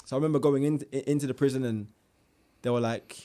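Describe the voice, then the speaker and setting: Young man, interview guest; lively, slangy storyteller with restarts. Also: mid-range voice, fast.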